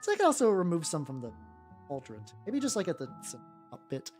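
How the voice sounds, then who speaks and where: A young woman with a lowish voice talks fast, her pitch swooping wildly as she casually chats on a livestream while painting miniatures. She rambles, tossing in plenty of fillers and casual swearing, with soft music playing in the background.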